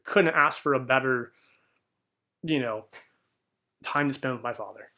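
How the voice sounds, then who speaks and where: A man's voice: medium pitch, a little slow, bright, forceful tone. A man hosting a podcast, telling an earnest personal story in a casual monologue, with many fillers. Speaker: podcast host.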